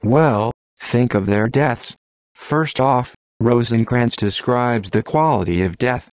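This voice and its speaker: A man's voice: medium pitch, slow pace, smooth, no echo, natural voice. A man voicing a burly young male college jock in an audiobook, blunt and offhand. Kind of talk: audiobook narration of literary fiction.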